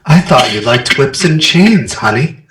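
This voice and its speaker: A man's voice: mid-range voice, animated, measured pace, a bit bright. A man playing a tabletop game, speaking casually and cracking wry jokes. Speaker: player. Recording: echoey room.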